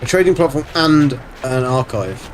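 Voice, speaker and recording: A man from Germany talks his way through a game on a livestream, rambling and swearing playfully as he goes. His voice sits at a middling pitch. Clear game noise runs underneath. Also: animated, moderate pace. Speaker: livestream host. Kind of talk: casual gaming commentary.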